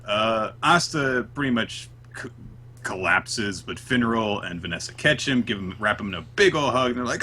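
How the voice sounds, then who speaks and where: A man co-hosting a podcast, recapping chapters in casual chat and jumping into quick voices for the characters. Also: on the low side. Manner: animated, acts out characters' lines in quick put-on voices. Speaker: podcast co-host.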